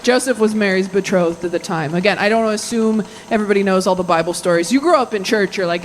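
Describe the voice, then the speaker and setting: A woman's voice: mid-range voice, a little fast, a little hiss or hum. A woman in her thirties performing stand-up comedy on stage, acting out characters in shifting voices. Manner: animated, acts out quoted characters in shifting voices. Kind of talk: stand-up set. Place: comedy stage before a live audience.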